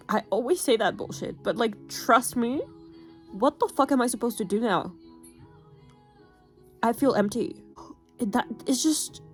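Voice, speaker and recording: A young woman talks to camera in a casual book vlog, emotional and swearing freely. She swings between loud outbursts and low, muttered complaints. Faint music plays behind her voice. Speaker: book vlogger. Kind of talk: casual reading vlog reaction.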